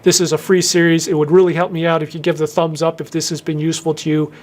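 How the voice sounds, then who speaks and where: A man hosting a career advice video in a casual to-camera talk, who speeds up and then slows down with deliberate pauses and stressed words. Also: on the high side, flat delivery. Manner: shifts tempo, talks fast then slows with pauses and emphasis. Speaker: YouTube host giving career advice.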